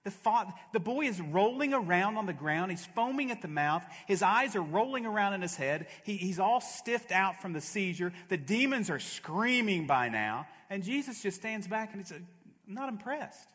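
A male pastor preaching a sermon, swinging from hushed, slow lows to fervent, louder peaks. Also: expressive, husky. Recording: long hall reverb.

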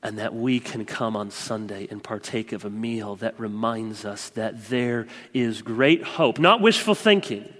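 A man in his thirties preaching a sermon, swinging between loud proclaiming and quiet, confiding asides. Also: on the low side, unhurried, hardly any pauses, long reverb tail. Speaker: pastor.

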